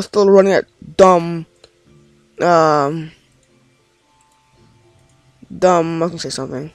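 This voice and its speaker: A man's voice: high-pitched, no echo. A man giving rambling let's play commentary on his game, easily frustrated and swearing often. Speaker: gaming commentator.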